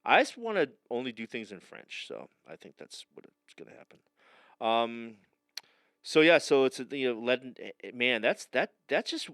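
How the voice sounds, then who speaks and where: Rambling podcast host with a resonant voice. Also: male voice, mid-range voice, big pitch swings, fairly bright tone, dry recording. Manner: rambling, halting, jokey, often trails off. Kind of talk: casual chat.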